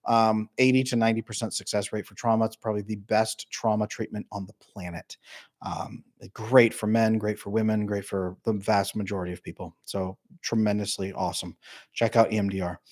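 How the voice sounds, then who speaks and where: A man's voice: on the low side, fairly quick. A man coaching on a livestream in a casual, chatty way, talking straight to viewers and acting out little scenes. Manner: animated, acts out little scenes in voices. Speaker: attachment coach.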